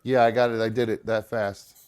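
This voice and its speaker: A man hosting a live show in casual chat, rambling and swearing freely, quick to laugh, often drifting away from his mic. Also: lowish voice, flat delivery, a little mellow, clean tone. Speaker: podcast host.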